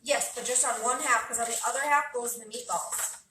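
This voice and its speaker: A woman's voice: a little high, steady tone, a little fast. A woman chatting to the camera while she cooks at home and coaches her child through a recipe. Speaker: vlogger cooking at home with her kids. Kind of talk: casual cooking vlog chat. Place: home kitchen. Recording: echoey kitchen, distant camera, background noise.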